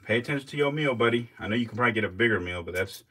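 A man casually commenting while filming, excitable and slangy, swearing often and talking both to his animals and to viewers. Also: medium pitch, racing, breathy edge, rough recording. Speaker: reptile keeper vlogger.

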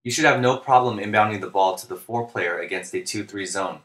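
A man, a basketball coach, narrating instructional plays in a flat, deliberate monotone, speaking clearly. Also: lowish voice, roomy sound. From United States. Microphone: home recording for narration.

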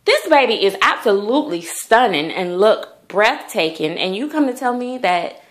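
A woman's voice: mid-range voice, sing-song, normal speed. A woman vlogger chatting casually to the camera in a rambling way, full of fillers. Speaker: doll collector vlogger.

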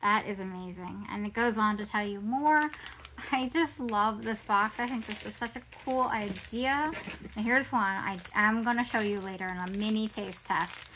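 A woman's voice: mid-range voice, moderate pace, a bit bright, a little hiss or hum, low-quality recording. A woman hosting an unboxing video, chatty and enthusiastic, reading product descriptions aloud with frequent wows and small self-corrections. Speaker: unboxing channel host.

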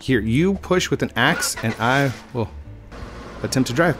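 A man's voice: medium pitch, lively intonation, fairly bright tone, faint music behind. Playful rambling male gaming host. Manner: rambling, playful, quick to laugh. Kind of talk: casual gameplay commentary.

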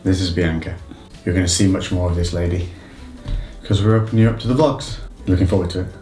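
A man's voice: low-pitched, fairly even intonation, fast, warm tone, faint music behind. A young man, a fitness vlogger, answering viewer questions at home in an upbeat, chatty way. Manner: upbeat and chatty, laughs easily. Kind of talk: casual Q&A chat. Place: home, indoors.

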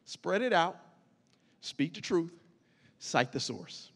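A man preaching as pastor, building from plain explanation into shouted declarations. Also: a little high, sing-song, slow pace, creaky, in a large hall. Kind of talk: sermon.

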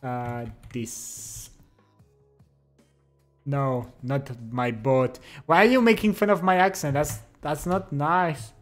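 A young man chatting casually with his stream chat, relaxed and giggly. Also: on the high side, takes it slowly, soft background music. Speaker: livestreamer. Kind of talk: casual chat reading and answering viewer chat.

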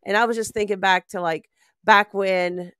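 A woman's voice: medium pitch, steady tone, moderate pace, fairly bright tone, clear, resonant tone, no echo, studio quality. An older woman co-hosting a live online talk show, chatting in a gossipy way and often laughing. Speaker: co-host. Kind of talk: casual live-stream chat.

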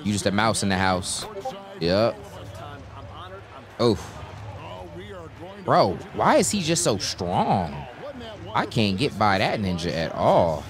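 A young man giving live commentary on his own basketball video game, talking to his teammates and shouting at big plays. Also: on the low side, big pitch swings, slow, pauses often, a crowd in the background. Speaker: gaming YouTuber.

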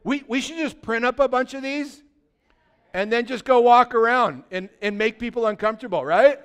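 A man's voice: very high-pitched, moderate pace, clear, resonant tone. A male pastor, preaching a conversational sermon and calling out to his congregation. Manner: exhorting, conversational, calls out to congregation.

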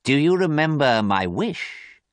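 A man reading a storybook, voicing a cruel, mocking young man who speaks slowly and hard. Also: a little high, sing-song, no room sound, pitched above the performer's own voice. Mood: cold, cruel.

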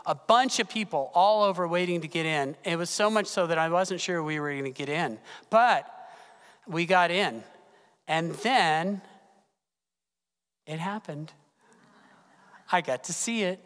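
Male pastor, high voice, animated storytelling sermon, long church reverb. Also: unhurried, pauses often. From California. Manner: animated, personal storytelling with gasps and fillers. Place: church sanctuary.

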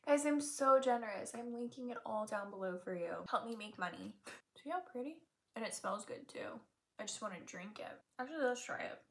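Chatty woman with gravelly fry. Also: mid-range voice, brisk. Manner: rambling, self-mocking, jokey asides. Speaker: beauty vlogger. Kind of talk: chatty get-ready-with-me makeup talk. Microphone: tablet camera.

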